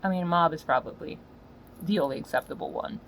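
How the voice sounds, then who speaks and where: A woman ranting in a profane, slangy monologue, swinging from low muttering to loud yelling. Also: fast, slight background noise, rough recording. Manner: swears constantly, slangy. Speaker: solo podcaster.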